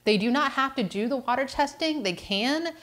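A woman's voice: sits high, animated, normal speed, fairly bright tone. A woman co-hosting a podcast as a home inspector, explaining things in a casual, chatty way with restarts.

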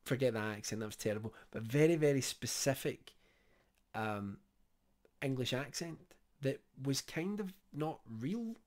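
A man's voice: mid-range voice, darkish tone. A man giving a casual spoken review of a horror series, thoughtful and full of fillers and restarts.

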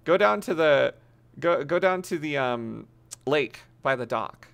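Lively high-voiced gravelly male streamer. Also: a little slow. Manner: excitable, laughs a lot, coaches a friend, swears. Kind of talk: casual live-stream chat.

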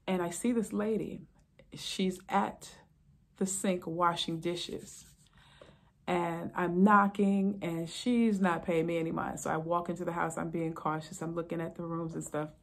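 A woman's voice: on the low side, fairly even intonation, measured pace. A middle-aged woman who is a retired detective, telling a story casually to camera in a conversational, anecdotal way.

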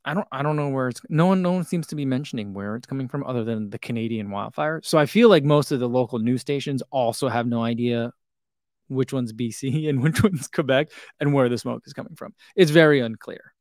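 A man chats loosely as a running channel host, rambling and poking fun at himself between fillers. His voice sits at an ordinary middle pitch. The sound is dry and close, with no room echo. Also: fairly quick, a little mellow. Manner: rambling, self-deprecating, many fillers. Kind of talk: casual chat reading live comments.

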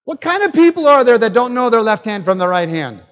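An older man, a guest pastor, preaching a sermon with animated swings between loud emphatic bursts and low asides. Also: brisk. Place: church hall. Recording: dull sound in a reverberant hall.

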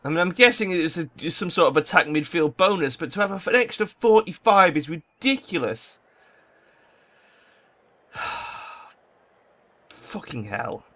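Young man, gameplay commentator; frustrated sweary ranting, bright forward tone. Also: on the high side, animated, a little slow, pauses often. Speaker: gaming YouTuber.

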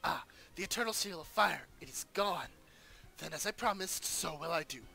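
A man voicing an ancient male fire spirit from a game, reading its lines in a slow, grand and commanding way. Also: a little high, vocal fry, bright, forceful tone, heavily acted. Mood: solemn. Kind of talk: reading game dialogue aloud.

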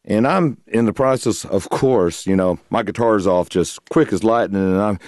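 A middle-aged man, a blues guitarist, telling a story in an interview, animated, laughing and acting out other people's voices. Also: fairly low pitch, moderate pace, dry recording, studio quality.

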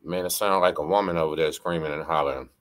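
Middle-aged man, deep low voice, casual storyteller who keeps tossing "right?" to the listener. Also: steady tone, fast talker. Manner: conversational, frequent "right?" and "you know what I mean" asides. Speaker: host.

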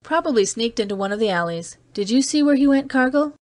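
A woman voicing a calm older male guard in an audiobook, giving curt, steady commands. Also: fairly high pitch, quick pace, no echo, voice pushed up, close to an everyday voice.

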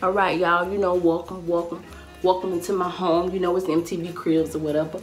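A woman's voice: lowish voice, level tone, fairly quick, over loud music. A woman in her late twenties chatting playfully with viewers while giving a home tour of her living room, filmed on a handheld camera. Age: late 20s. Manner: chatty, playful, addresses viewers as y'all and baby. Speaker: vlogger. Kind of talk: casual home-tour vlog. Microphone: handheld camera with ring light, moving around.

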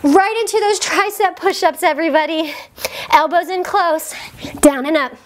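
A woman's voice: very high voice, moderate pace. A woman fitness instructor coaching a workout while doing it herself, out of breath and encouraging, with short cues and puffs of breath between exercises.

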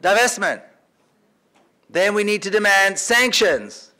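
Male activist speaker, high pitch, emphatic rally-style delivery, repeats lines for force, lecture hall. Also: animated, slow, pushed and bright. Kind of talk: impassioned public speech. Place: large university lecture hall.

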